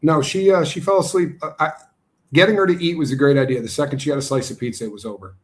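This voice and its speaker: A man's voice: a little high, quick pace. Man co-hosting a casual stream. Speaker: co-host of a livestream. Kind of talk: casual chat and storytelling.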